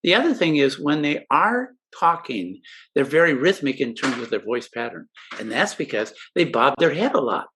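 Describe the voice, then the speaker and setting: A man's voice: medium pitch, very animated, normal speed, fairly bright tone, a little hiss or hum. An older man giving a friendly instructional talk to teachers, who now and then acts out students' replies. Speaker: educational presenter.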